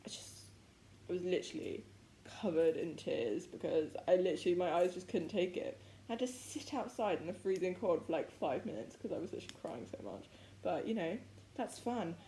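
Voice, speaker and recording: A young vlogger with a fairly low, warm voice and lively intonation talks a little fast while cooking in her home kitchen. Her chatter rambles and giggles, full of "like" and "literally," and she keeps yawning from tiredness. The room is echoey with faint background noise.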